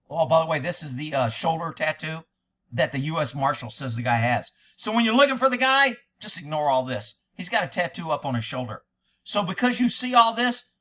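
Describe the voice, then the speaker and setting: A man's voice: a little high, fairly bright tone. A man giving a profane, sarcastic, exasperated running commentary on a video, as a former fugitive hunter.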